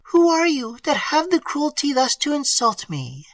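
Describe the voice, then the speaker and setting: Frightened young heroine, high and trembling, put on by a male reader, husky edge. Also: big pitch swings, normal speed, pushed and bright, dry recording, far from the mic, exaggerated voice. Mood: indignant.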